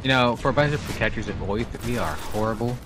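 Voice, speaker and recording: A young man from Canada joking with friends over voice chat during a co-op game. He talks in a relaxed, teasing way and laughs easily. Faint game sounds sit behind his voice. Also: medium pitch, fast, background noise. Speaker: gamer. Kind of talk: casual co-op gaming chat.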